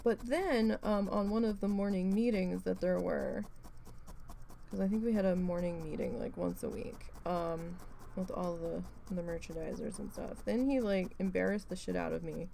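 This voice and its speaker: A woman vlogger chatting casually while needle felting, animated and swearing freely as she tells a story. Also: fairly low pitch, normal speed, vocal fry, a little hiss or hum, rough recording. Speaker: craft vlogger.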